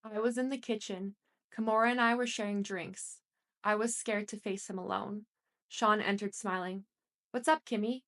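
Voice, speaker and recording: A woman reads a first-person story aloud as an audiobook narrator. Her delivery is plain and steady, and she voices quoted lines only lightly. Her voice sits at a middle pitch. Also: normal speed.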